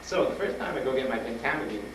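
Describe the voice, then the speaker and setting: A man speaking to students, telling a personal story with animated retellings and frank urging. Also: mid-range voice, quick pace. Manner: animated, acts out dialogue, laughs often. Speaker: guest speaker at a school. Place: school hall with an audience. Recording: roomy old tape from a distant mic, noisy.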